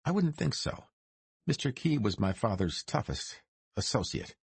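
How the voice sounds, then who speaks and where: A man voicing a suave, dryly ironic mob boss's son in his forties, speaking smooth and deliberate in an audiobook. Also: medium pitch, very animated, no room sound, voice pushed up, exaggerated voice. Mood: measured. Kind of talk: audiobook character reading.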